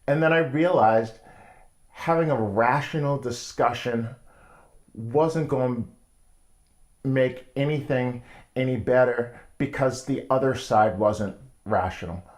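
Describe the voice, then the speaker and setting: Wry middle-aged man telling a story. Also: medium pitch. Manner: wry, storytelling, pausing often. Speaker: host. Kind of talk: casual monologue.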